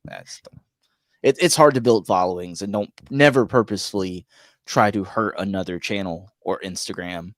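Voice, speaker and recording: A man's voice: deep voice, normal speed, dry recording, clean studio sound. A man hosting a casual toy livestream, speaking earnestly and with emphasis.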